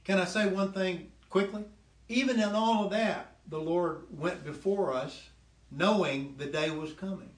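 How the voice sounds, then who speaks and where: Animated man telling a testimony story. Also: unhurried, reverberant. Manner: animated storytelling, laughs often, quotes God in a lower voice. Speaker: guest sharing his testimony.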